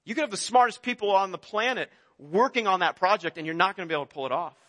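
A man preaches a sermon in a high, bright, forceful voice. He talks to the congregation conversationally and pushes into emphatic stretches. His voice carries a long reverb from a large hall. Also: quick pace. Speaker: pastor.

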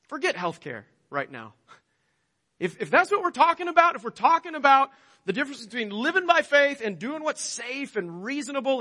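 High bright-voiced preaching man. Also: long reverb tail. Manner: emphatic preaching with rhetorical questions. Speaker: pastor. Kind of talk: sermon.

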